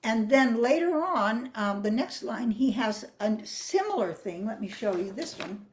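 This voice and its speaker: A woman's voice: a little high, very animated, measured pace, slight background noise. An older woman teaching flute phrasing, explaining patiently and singing rhythms and counting beats aloud. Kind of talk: music masterclass.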